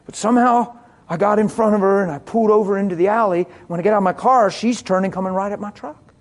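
A preacher telling a homespun, familiar sermon story, dropping to near-whispers and then rising into loud, laughing exclamations. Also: medium pitch, fast talker. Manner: homespun and familiar, calls listeners honey.

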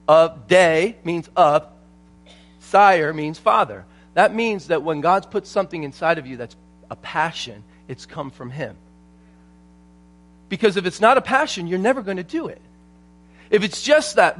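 A man preaching a sermon at a conference, telling stories in an animated way and repeating his phrases for emphasis. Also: high voice, brisk. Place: church conference hall.

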